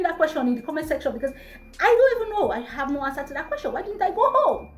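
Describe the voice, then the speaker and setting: A young woman with a Nigerian accent, telling a storytime vlog in an animated, exasperated way. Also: sits high, fast. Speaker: vlogger. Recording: echoey room, faint music.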